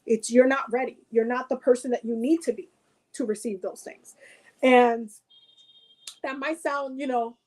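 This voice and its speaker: A woman's voice: a little high, fairly even intonation, moderate pace, a little mellow, rough recording. A woman doing a spoken oracle card reading, talking straight to the viewer, repeating her points and checking in with "okay?". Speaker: tarot reader.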